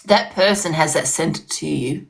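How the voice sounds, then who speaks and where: A woman's voice: low voice, moderate pace, vocal fry. A woman as an interview guest, talking in heated, emphatic casual chat and often repeating herself. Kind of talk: casual chat on a live stream.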